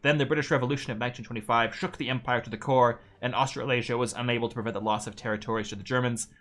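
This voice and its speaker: A man streams a strategy game in casual chat, reading the game text aloud in a laid-back way, swearing freely and stumbling over names. His medium-pitched voice is steady and fairly bright, and he talks at a racing pace.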